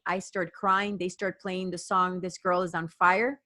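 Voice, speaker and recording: Animated woman telling a personal story. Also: mid-range voice, normal speed, few pauses. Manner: animated, breathless retelling with many restarts and quoted dialogue. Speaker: guest, women's performance coach.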